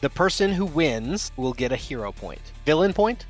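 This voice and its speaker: A man acting as game master, explaining the rules in a relaxed, rambling way. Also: medium pitch, normal speed, soft background music. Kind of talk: narrating a tabletop game.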